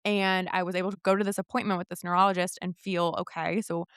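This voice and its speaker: A woman's voice: lowish voice, fast, smooth, dry recording, studio quality. A young woman in a casual podcast conversation, candidly retelling her experiences and acting out what people said to her. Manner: candid, animated retelling with quoted dialogue. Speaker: podcast guest.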